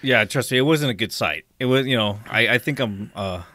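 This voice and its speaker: A man's voice: mid-range voice, expressive, brisk, sharp tone, no room sound. A man co-hosting a podcast, telling a story casually, rambling with restarts and swearing freely. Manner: rambling with many restarts, profane. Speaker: podcast co-host.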